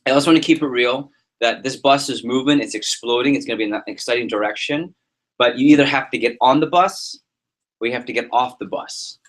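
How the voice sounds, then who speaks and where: As liaison to his sales team, a man gives them a motivational talk, animated and joking as he acts out little scenes. He has a mid-range voice and talks fast.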